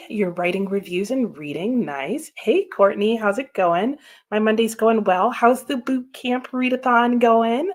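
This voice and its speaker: A woman's voice: mid-range voice, measured pace. A woman hosting a live reading sprint stream, chatting casually and answering viewers' comments. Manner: chatty, laughs often, reads viewer comments aloud. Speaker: livestream host.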